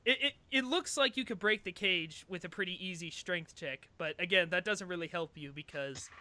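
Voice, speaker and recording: A man's voice: high-pitched, moderate pace, pushed and bright, dry recording. A man running a tabletop game as game master, who laughs easily as he narrates.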